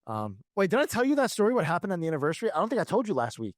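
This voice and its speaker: A man in his thirties chats on his podcast with a voice that sits a little high and swings up and down as he tells a story. He talks casually and swears freely. The sound is dry and close, with no room echo. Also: wildly swooping pitch, very fast. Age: 30s. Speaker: podcast co-host. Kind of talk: casual chat.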